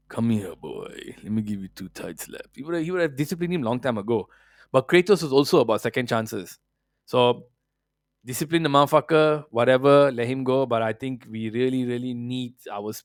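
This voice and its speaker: A man's voice: medium pitch, fairly bright tone, dry recording, studio quality. A man hosting a football podcast, ranting brashly and profanely in casual opinionated chat, slipping into mocking voices.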